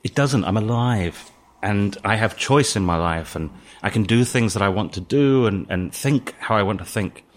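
Deep-voiced calm British man. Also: normal speed. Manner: calm, thoughtful storytelling. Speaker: guest. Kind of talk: reflective interview talk.

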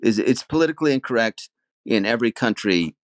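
A man's voice: medium pitch, expressive, brisk, dry recording, clean studio sound. A man co-hosting a casual podcast chat, musing aloud and hedging with "I think" and "I don't know". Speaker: podcast co-host, comedian. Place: living in Germany.

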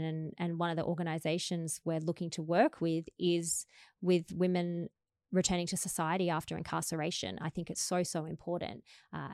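Australian woman, 40s, podcast host, lowish voice, candid chat, dry close sound. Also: no echo. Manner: frank, animated when retelling family exchanges.

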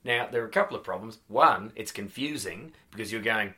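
A bright, sharp-toned man with a broad Western Australian accent chats on a podcast. He is in his thirties, with a slightly low voice, and he gets animated, swearing freely and acting out crowd reactions. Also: brisk. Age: 30s. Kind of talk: casual chat.

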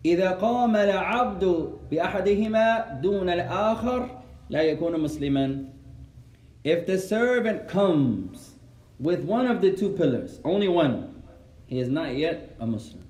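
A man with a slightly raised voice leads a class, patient and instructive. He repeats each phrase slowly for students to copy down and translates it line by line. The sound is roomy, with a clear echo. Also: sits high, expressive, a little mellow. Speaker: teacher. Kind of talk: classroom lesson, dictating for memorisation.

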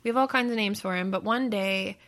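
A woman hosts a relaxed family chat, playful and upbeat. She laughs easily and keeps the questions coming. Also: medium pitch, fairly quick. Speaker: host asking a child questions.

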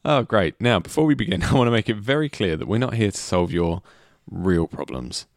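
A man hosting a casual comedy podcast, jokey and quick to laugh. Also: lowish voice, no room sound, studio quality. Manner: jokey, laughs often, lively delivery. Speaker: podcast host. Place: small studio.

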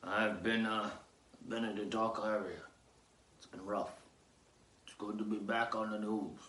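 A man hosting a rambling comedy podcast, talking theatrically and jokily, jumping from loud outbursts to mumbled asides, on grainy audio with clicks. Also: lowish voice, steady tone, unhurried, echoey room. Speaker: podcast host.

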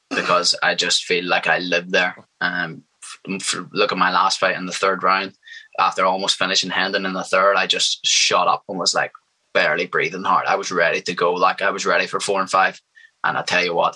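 A man's voice: low-pitched, level tone, fairly quick, pushed and bright, slightly rough, low-quality recording. A young man, a fighter speaking as a guest in a casual interview, confident and hyped. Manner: confident, hyped, trash-talking.

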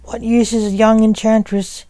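A woman's voice: fairly high pitch, flat delivery, normal speed, dark tone, no echo, voice pushed up, close to an everyday voice. A woman reading the part of a stern, fatherly enchanter in a story. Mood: dismissive. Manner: stern, dismissive. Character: fatherly stern man, sword-wielding enchanter.

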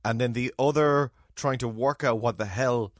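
A man's voice: medium pitch, moderate pace, no room sound, clean studio sound. An Irish man co-hosting a podcast, rambling and jokey, often tripping over his words. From Ireland. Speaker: podcast co-host, radio broadcaster. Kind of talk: casual podcast chat.

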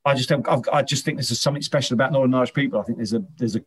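A man's voice: mid-range voice, fairly even intonation, very fast, husky. A middle-aged man, a former footballer, chatting as an interview guest, telling rambling anecdotes with many restarts. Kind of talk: casual interview chat.

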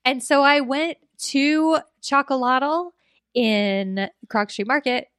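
Cheerful lady cohost on a food podcast, bit high voice, dry mic. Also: slow, a bit bright, clean tone, no room sound. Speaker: podcast co-host. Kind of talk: casual podcast chat.

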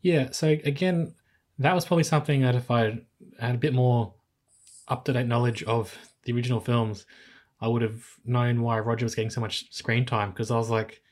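An Australian woman co-hosting a podcast, measured and gently questioning in a casual film chat. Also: very deep voice, fairly even intonation. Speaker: podcast co-host.

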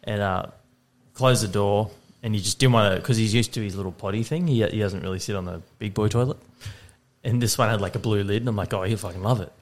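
A man's voice: lowish voice, fairly quick. A young Australian man from Queensland, co-hosting a podcast and telling a long story in casual chat, swearing freely and laughing as he goes. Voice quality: swears freely, laughs through his stories. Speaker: podcast co-host.

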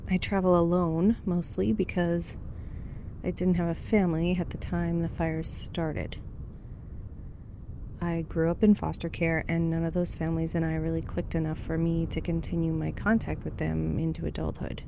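A woman playing a wary young survivor of the wildfires, talking haltingly through a smoke mask as she records a log alone. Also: deep voice, level tone, vocal fry, mellow, slight background noise. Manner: halting and hesitant, with many pauses and fillers. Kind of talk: audio drama monologue.

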